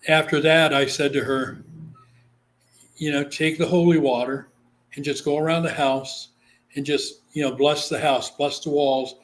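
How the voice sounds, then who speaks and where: A man's voice: fairly high pitch, fairly even intonation, unhurried. Chatty man from Guam telling a story. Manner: chatty, full of "you know" fillers, acts out quoted people. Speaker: psychic medium, interview guest. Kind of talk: casual storytelling in an interview.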